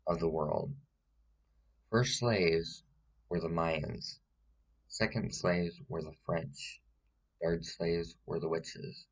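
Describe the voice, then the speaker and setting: A man playing a rambling self-styled witch woman who is confidently wrong. He hesitates with many fillers and keeps pressing with "okay?" in a deadpan comedic monologue. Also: low-pitched, full character voice, low-quality recording. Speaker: witch giving a tutorial.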